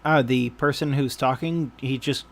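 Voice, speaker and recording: A man's voice: mid-range voice, fairly even intonation, measured pace, fairly bright tone. A man narrating as game master in a tabletop session, hesitant and full of fillers.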